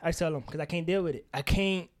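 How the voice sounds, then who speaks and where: Male podcast co-host, raised pitch, expressive, profane, candid chat. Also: fast. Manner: animated, emphatic storytelling with frequent swearing.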